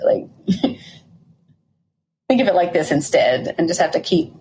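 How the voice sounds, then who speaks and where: A woman's voice: on the low side, big pitch swings, measured pace, pauses often, mellow, slight background noise. A woman co-host on a casual podcast. She speaks frankly and candidly, often poking fun at herself. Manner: frank, candid, self-deprecating.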